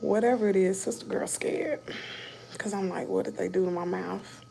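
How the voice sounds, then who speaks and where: A woman with a Southern accent talks anxiously into her phone from a dentist's chair, calling her viewers y'all and sinking into whispers. Her voice has a gravelly edge, and a faint hiss sits under the recording. She sounds casual and scared at once. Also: mid-range voice, fairly even intonation, moderate pace, dark tone, low-quality recording. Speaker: vlogger livestreaming from a dentist's office. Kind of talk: casual live chat to viewers. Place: dentist's exam room. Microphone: phone held close.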